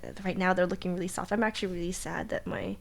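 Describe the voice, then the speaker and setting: A woman's voice: fairly low pitch, steady tone, vocal fry. A woman who is a guest on an interview show, talking in a bubbly, chatty way and laughing often. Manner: bubbly, chatty, quick to laugh, many fillers. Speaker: guest, jiu-jitsu black belt. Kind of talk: casual interview chat.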